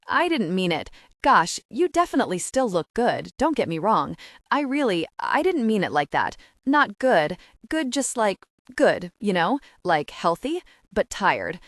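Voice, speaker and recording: A woman voicing a guarded but caring young single mother in a romance audiobook, talking quickly and correcting herself when flustered. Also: mid-range voice, very animated, no room sound, clean studio sound.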